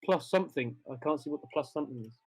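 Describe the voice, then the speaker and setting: A man's voice: on the high side, lively intonation, rapid-fire, crowd noise, low-quality recording. A man chatting casually as a player at a tabletop game, eager and joking.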